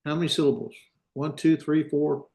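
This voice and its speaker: A man's voice: a little high, fairly even intonation, moderate pace, creaky, darkish tone, echoey room. A man teaching a Biblical Hebrew grammar class online, plain-spoken, thinking aloud with restarts and fillers. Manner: plain-spoken, jokes about himself. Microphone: computer mic in a video class.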